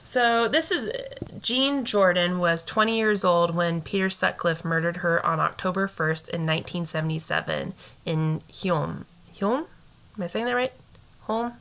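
A woman's voice: fairly low pitch, normal speed, few pauses, fairly bright tone. An American woman co-hosting a casual true-crime podcast, rambling and hedging, with some swearing. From United States. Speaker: podcast co-host.

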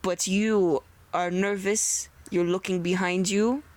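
A woman voicing a pushy male cultist adventurer in a tabletop game, talking in a slow, probing way. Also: medium pitch, steady tone, a little mellow, close to an everyday voice. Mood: pressing. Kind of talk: tabletop role-play.

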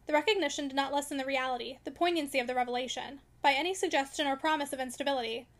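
Woman reading aloud a classic novel, high voice, quick pace, expressive, audiobook narration. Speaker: audiobook reader.

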